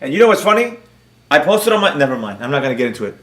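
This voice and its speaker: Male livestream host, bright and animated, roomy echo. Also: a little high, rapid-fire. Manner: animated, joking, addresses chat viewers by name. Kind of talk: casual livestream Q&A.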